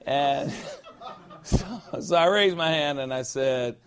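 Middle-aged preacher, conversational and emphatic. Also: male voice, fairly high pitch, slow. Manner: informal and emphatic, repeats phrases for effect. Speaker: pastor. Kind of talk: conversational sermon.

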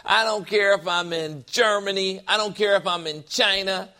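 A middle-aged man preaching a sermon, animated and full of joking asides and rhetorical questions. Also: high voice, moderate pace. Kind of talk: sermon with humor.

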